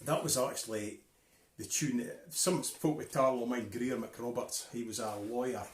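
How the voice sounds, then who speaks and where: A man's voice: medium pitch, normal speed. Easygoing Scottish man in a roomy lounge. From Scotland. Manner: easygoing, rambling with many fillers. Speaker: fiddler and livestream co-host. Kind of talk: casual chat between tunes. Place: living room at home. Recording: roomy home livestream audio.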